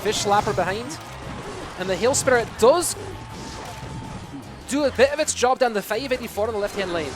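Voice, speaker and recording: A man's voice: high voice, moderate pace, pauses often. A man putting on a rousing Scottish caster. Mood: excited. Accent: put-on Scottish. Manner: excitable, big exclamations. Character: hyped Scottish esports caster, adult man. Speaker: esports commentator. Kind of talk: live game commentary. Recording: music behind the voice.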